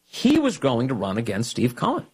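A husky man hosting political talk radio, his pitch swinging widely as he mocks and jabs. He talks in a combative, sneering commentary style. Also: normal speed. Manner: mocking, combative, animated delivery. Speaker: radio host.

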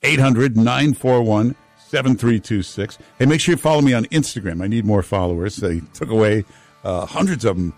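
A man's voice: lowish voice, normal speed, no echo, faint music behind. A man hosting a call-in radio show, chatting with callers and bantering with his co-host. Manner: teasing, animated banter.

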